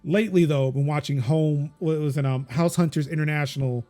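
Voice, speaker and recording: A man's voice: fairly high pitch, fairly quick, dark tone, soft background music. A man hosting a casual tech podcast, rambling with many fillers and restarts. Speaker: podcast host.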